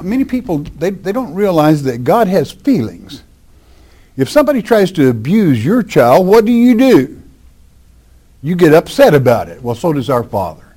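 A man's voice: a little high, warm tone, husky. A man preaching a verse-by-verse Bible teaching, reading scripture aloud and explaining it emphatically in plain words with asides.

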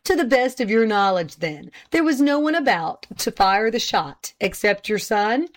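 A woman voicing a formal male prosecutor who questions a witness deliberately and pointedly. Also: on the high side, big pitch swings. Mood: probing.

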